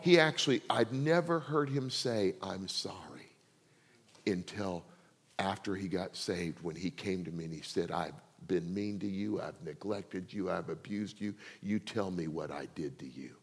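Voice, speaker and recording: An older man preaching a sermon, telling a personal story and swinging between hushed asides and loud, laughing outbursts. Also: low voice, unhurried, husky. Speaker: pastor. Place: church sanctuary. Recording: long hall reverb.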